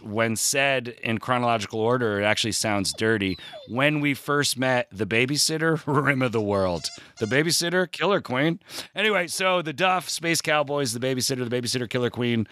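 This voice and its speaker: A man's voice: medium pitch, a little fast, a bit bright. A man, an actor and comedian in his forties, telling self-deprecating stories in a casual chat and swearing freely. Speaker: podcast guest, comedic actor.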